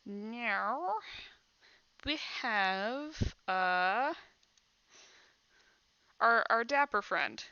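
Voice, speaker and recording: Bright, crisp-voiced woman game master. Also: medium pitch, expressive, drawn-out words, long pauses, dry recording, muffled recording. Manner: casual, with playful sound effects. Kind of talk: narrating a tabletop game.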